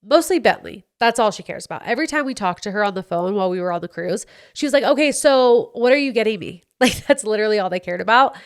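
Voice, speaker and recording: Chatty woman telling a story. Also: mid-range voice. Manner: chatty, animated, heavy use of "like". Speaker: podcast host. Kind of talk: casual storytelling chat.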